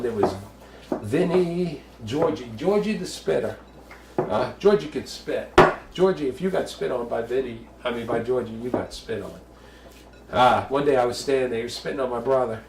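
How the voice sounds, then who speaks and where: A man's voice: medium pitch, vocal fry, reverberant, far from the mic, background noise. A man from the Bronx, hosting a casual home cooking show, chatty and jokey with bawdy asides. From the Bronx, New York.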